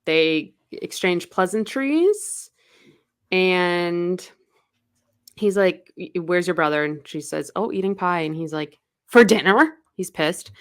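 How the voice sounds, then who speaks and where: A woman's voice: on the low side, takes it slowly, clear, resonant tone. A woman co-hosting a podcast, casually retelling a novel's plot and acting out bits of dialogue. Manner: retells the plot in quoted snippets, loose and chatty. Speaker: podcast co-host. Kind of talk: casual book recap chat.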